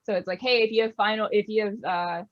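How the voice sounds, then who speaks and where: Woman streamer chatting, animated storyteller, dry dull lo-fi sound. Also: mid-range voice, fast, no echo. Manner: animated storyteller, acts out what others said. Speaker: streamer guest. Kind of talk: casual chat.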